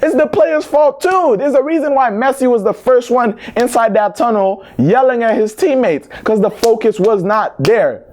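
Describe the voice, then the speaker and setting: A man hosting a football news vlog, talking to viewers in a lively, slangy, casual way. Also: extremely high pitch, normal speed, hardly any pauses. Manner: animated, slangy, talks straight to viewers.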